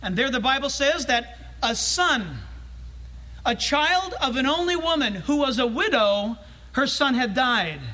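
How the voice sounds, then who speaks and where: A male pastor preaching a sermon in a church, animated and humorous, acting out scenes as he tells them. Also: very high voice, a little slow.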